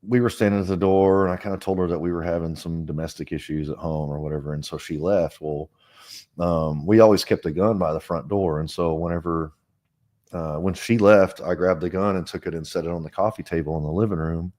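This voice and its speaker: A man with a deep, low-pitched voice recounts his own past as an interview guest. He talks frankly and earnestly, rambling a little and circling back to restart his sentences. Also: steady tone, a little fast, a little mellow. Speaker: interview guest, foundation director. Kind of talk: personal storytelling in an interview.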